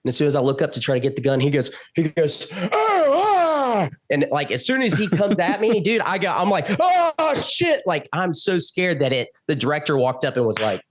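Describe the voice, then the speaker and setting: A man telling a story as a podcast guest, acting out the quoted lines with big jumps in pitch. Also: fast, hardly any pauses. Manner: animated, acts out quotes with loud jumps in pitch. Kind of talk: casual storytelling.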